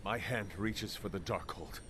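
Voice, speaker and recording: A grave young hero from a video game, speaking in a measured, solemn tone, as a man voices him. His voice sits low. Noise hisses under the game audio. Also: close to an everyday voice.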